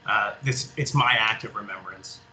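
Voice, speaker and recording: A soldier from Canada giving a halting, earnest talk and reading a prepared speech about remembrance. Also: male voice, fairly low pitch, sharp tone, a little hiss or hum, low-quality recording. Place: public library event room.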